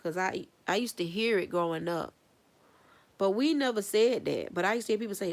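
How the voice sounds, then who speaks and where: This earring painter's casual livestream talk is animated and a little fast, delivered at medium pitch. She rambles, thinks aloud, laughs at herself, and speaks straight to viewers with questions.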